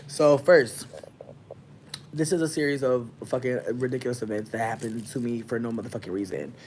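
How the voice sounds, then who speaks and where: A vlogger ranting casually to camera at home, swearing constantly and telling a story with big swings from muttering to loud bursts. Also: mid-range voice, fairly even intonation, fairly quick, background noise. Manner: profane, heavy swearing. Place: indoors, at home near a window.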